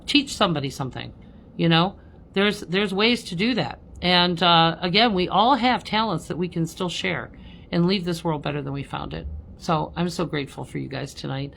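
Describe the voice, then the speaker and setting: A woman's voice: fairly low pitch, creaky, fairly bright tone, a little hiss or hum. A woman working as a spiritual medium, chatting on a live stream with viewers, laughing often and ending lines with "okay?".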